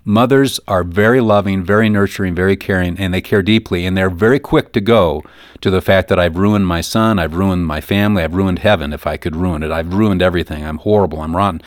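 A man with a lowish voice talks earnestly about parenting in a radio interview. His sound is close and dry, with no room in it. He slips into quoted voices as he tells his stories. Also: brisk, no echo. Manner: earnest, acts out quoted mothers and sons. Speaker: guest author on parenting.

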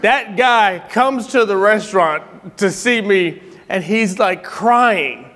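A middle-aged man telling stories in a sermon style, animated, acting out quotes and laughing often. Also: high voice, takes it slowly, long reverb tail. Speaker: speaker giving a tribute.

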